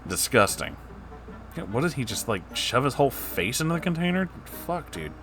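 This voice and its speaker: A man's voice: mid-range voice, sing-song, a little fast, fairly bright tone. A man reading a story aloud and breaking off for casual, sarcastic, profane asides. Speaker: story narrator.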